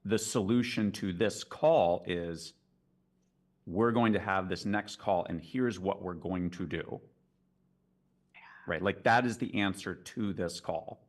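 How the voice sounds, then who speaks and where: Low male voice, calm explanatory chat, video call. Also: slow pace. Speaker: sales competitor discussing a role play. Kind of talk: casual discussion.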